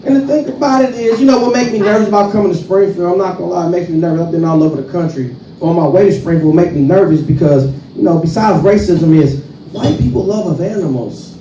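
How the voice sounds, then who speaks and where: Stand-up comic, male, St. Louis accent, high and lively delivery, heard from afar in a noisy club. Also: quick pace. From St. Louis, USA. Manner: animated, swings loud and soft, acts out characters. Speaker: stand-up comedian. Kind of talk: stand-up comedy set. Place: comedy club stage with audience. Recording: roomy club sound from a distance, audience noise.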